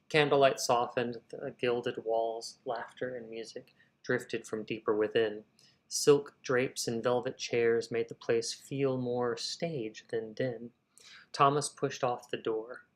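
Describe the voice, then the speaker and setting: A man's voice: mid-range voice, low-quality recording. A man reading his own novel draft aloud, stopping often to rethink wording and talk himself through edits. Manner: reads prose, then stops to rethink and edit wording aloud; talks to himself while editing. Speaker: fiction writer. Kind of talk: reading a draft novel aloud during a live writing session.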